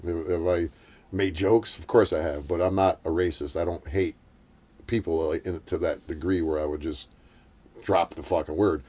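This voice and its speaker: A man's voice: fairly even intonation, moderate pace, darkish tone. A man in a casual chat, telling a heated story full of swearing and acting out what others said. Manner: acts out quotes in a shrill voice.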